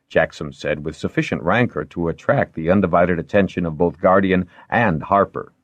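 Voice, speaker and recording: A man reading an audiobook as narrator, with expressive storytelling. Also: rumbling low, moderate pace, no echo. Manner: expressive storytelling, varied intonation. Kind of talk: scripted narration.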